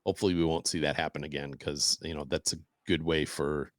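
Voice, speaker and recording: A middle-aged man co-hosting a podcast, talking in a relaxed, rambling way with small chuckles. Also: very deep voice, fairly quick, no room sound, clean studio sound. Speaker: podcast co-host. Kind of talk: casual chat.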